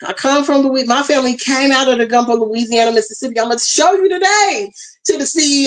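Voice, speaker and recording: A woman's voice: high voice, fairly quick, rough recording. A woman with a Southern US twang, hosting an impassioned, preachy talk. She speaks fierily and emphatically, addressing her listeners directly. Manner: fiery, emphatic, talks straight to listeners. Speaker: host.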